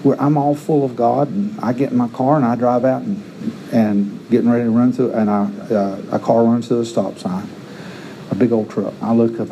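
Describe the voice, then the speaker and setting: A middle-aged man preaches in a very dark, mellow voice. He speaks earnestly, often repeating a word as he restarts a thought. A faint hiss of air conditioning sits behind him. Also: medium pitch, steady tone, moderate pace, pauses often, rough recording. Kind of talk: sermon with personal stories.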